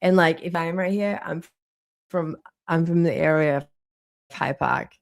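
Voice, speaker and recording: A woman's voice: low-pitched, unhurried, creaky. A woman in her thirties with a Boston accent, hosting a casual livestream and chatting with viewers as she reads the chat. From Boston area, US. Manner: chatty, reads chat aloud, frequent restarts. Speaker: livestream host.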